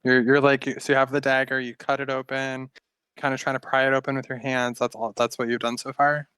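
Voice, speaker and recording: Halting man running a tabletop game. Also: medium pitch, level tone, bright, forceful tone, smooth, dry recording. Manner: halting, many fillers. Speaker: game master.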